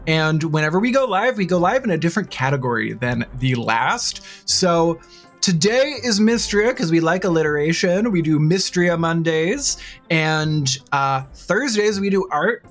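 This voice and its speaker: Chatty woman streamer, voice bouncing up and down, giggly, quiet music behind. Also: lowish voice. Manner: chatty, bubbly, laughs often. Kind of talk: casual live-stream chat. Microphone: desk mic.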